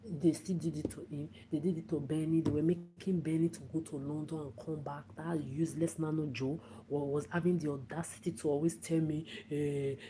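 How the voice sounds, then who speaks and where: A woman's voice: low-pitched, fairly even intonation, a little fast, few pauses, background noise. A woman ranting on a livestream, profane, repetitive and confrontational. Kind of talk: angry livestream rant.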